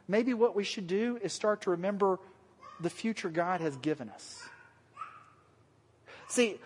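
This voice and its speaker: A male pastor giving a conversational, self-deprecating sermon to a congregation and putting questions to them. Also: high voice. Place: church hall with a congregation. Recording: long hall reverb.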